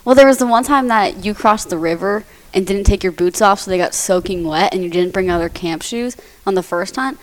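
A woman's voice: mid-range voice, brisk, few pauses, poor audio. A young woman co-hosting a podcast, animatedly telling hunting-trip stories with lots of laughter. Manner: animated storytelling with frequent laughter. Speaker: podcast co-host. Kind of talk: casual chat.

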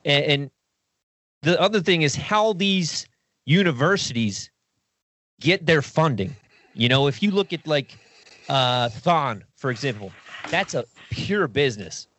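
Profane, rambling man with a high voice. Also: measured pace, long pauses, no room sound. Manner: rambling, profane, animated with impressions. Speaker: podcast guest. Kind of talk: casual podcast discussion.

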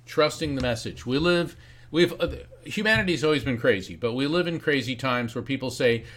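A man in a podcast interview, telling a spirited story with a voice that leaps high and drops low as he acts out each person he quotes. His pitch sits in the middle for a man, and he laughs now and then as he speaks. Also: lively intonation, fairly quick, a bit bright. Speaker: guest author and psychic medium.

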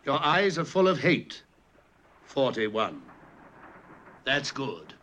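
An actor playing a stern, middle-aged Roman naval commander who speaks in a measured, commanding way in a classic film. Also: male voice, medium pitch, big pitch swings, sharp tone, a little hiss or hum, full character voice.

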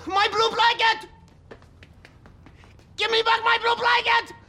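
A woman's voice: extremely high pitch, little pitch movement, takes it slowly, sharp tone, voice pushed up, full character voice. A woman voicing a hysterical, anxious man who shrieks and pleads in panic, on a noisy recording. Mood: panicked.

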